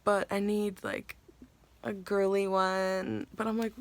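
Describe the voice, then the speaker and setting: Young actress vlogging; gravelly fry at line ends, rambling, giddy, self-deprecating, running on coffee and no food. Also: female voice, mid-range voice, sing-song, slow. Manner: chatty, rambling, self-mocking; giddy and scattered. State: hungry and tired. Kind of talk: casual vlog chat.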